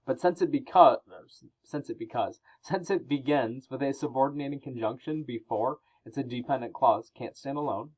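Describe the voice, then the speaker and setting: Male teacher, mid pitch, explanatory and casual with fillers, recorded on dull lo-fi audio. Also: normal speed, darkish tone, breathy edge. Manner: explanatory, with fillers and self-corrections. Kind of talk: recorded grammar lesson.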